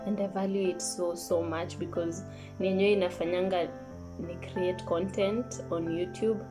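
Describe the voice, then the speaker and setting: A woman's voice: lowish voice, steady tone, normal speed, over music. A young woman chatting casually in a vlog, slipping Swahili phrases into her English. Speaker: vlogger.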